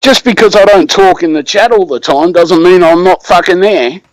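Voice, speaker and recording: A man's voice: high voice, moderate pace, no echo, poor audio. A man with an Australian accent, calling in to a live show for a casual chat and swearing freely in laid-back slang. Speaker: caller.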